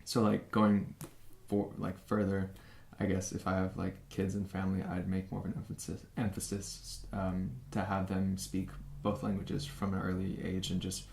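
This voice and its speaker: A young man from San Francisco speaks in a fairly low voice as an interview guest. He talks casually and haltingly, filling gaps and restarting his sentences. The room around him sounds echoey. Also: completely flat delivery, creaky, darkish tone, slight background noise. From San Francisco, USA. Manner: halting, many fillers and restarts.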